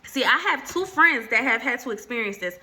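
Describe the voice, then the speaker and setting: A woman hosting her own channel talks casually to camera about faith and relationships, calling viewers y'all and slipping in preachy asides. Her voice is a little high, bright and forceful, expressive and slightly fast.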